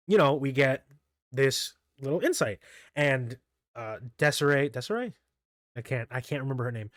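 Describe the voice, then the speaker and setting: A man hosts a casual recap of comic chapters, rambling through his thoughts with frequent fillers and restarts. His voice sits a touch higher than most men's. The sound is dry and close, with no room echo. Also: fairly bright tone. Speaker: manga review channel host.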